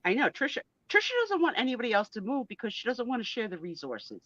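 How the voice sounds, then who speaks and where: A woman's voice: fairly high pitch, very animated, fast talker, a bit bright, no echo, dull audio. A woman in her sixties, a guest on a casual live video chat, talking in a blunt, joking, self-mocking way. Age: 60s.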